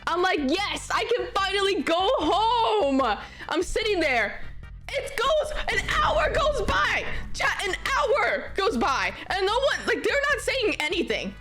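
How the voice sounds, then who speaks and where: A young woman telling a story about a travel mishap, swearing freely and swinging between flat grumbling and disbelieving outbursts. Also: extremely high pitch, measured pace, faint music behind. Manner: animated, swears a lot, swings from flat complaint to shrieking disbelief. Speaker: streamer. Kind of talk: casual storytime vlog.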